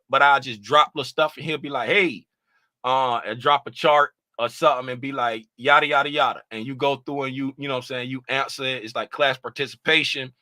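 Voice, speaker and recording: Laid-back man with a bright, forceful voice. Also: mid-range voice, no echo. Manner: laid-back, rambling, lots of "you know what I'm saying". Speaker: trading mentor and livestream host. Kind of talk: casual livestream walkthrough.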